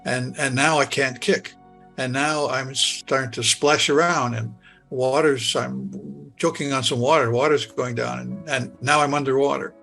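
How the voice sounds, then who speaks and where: Older man in his 80s, gravelly, stumbling restarts, soft music under him. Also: medium pitch, fairly even intonation. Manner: halting, stuttering with many restarts. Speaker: near-death experience survivor. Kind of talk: personal recollection.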